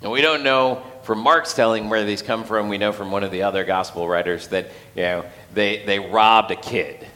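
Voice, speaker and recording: A man's voice: fairly low pitch, moderate pace, hardly any pauses, pushed and bright, long reverb tail. A man giving a casual sermon, telling the story conversationally with playful acted quotes. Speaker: pastor.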